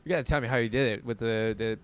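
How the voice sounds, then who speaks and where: A man interviewing a musician backstage at a festival, eager and enthusiastic, often pausing to hunt for the right word. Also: mid-range voice, fairly even intonation, clear, resonant tone. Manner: enthusiastic, hunts for words. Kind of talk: casual backstage conversation. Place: backstage trailer at an outdoor festival.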